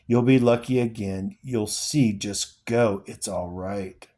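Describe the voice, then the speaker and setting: A man reading aloud and voicing a dying father who gently urges his son on. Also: lowish voice, slow pace. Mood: tender. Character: dying father, weary, tender and steadfast.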